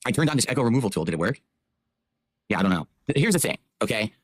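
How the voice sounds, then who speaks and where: A man's voice: fairly low pitch, big pitch swings, rapid-fire, dry recording. A man streaming live, tinkering with his mic settings and defending how his voice sounds. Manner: fussing over audio settings, defensive. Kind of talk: casual livestream chat. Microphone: XLR streaming mic.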